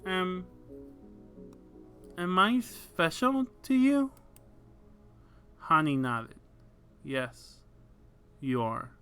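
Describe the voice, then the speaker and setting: A man voicing a gentle, reserved young woman who answers quietly and reassuringly. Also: sits high, very animated, drawn-out words, pauses often, clean tone, soft background music, exaggerated voice.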